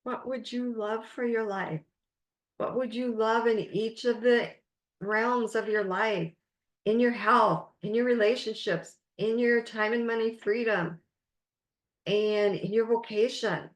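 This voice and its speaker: A woman life coach leading a webinar masterclass, speaking in slow, emphatic, drawn-out phrases. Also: on the high side, steady tone, reverberant.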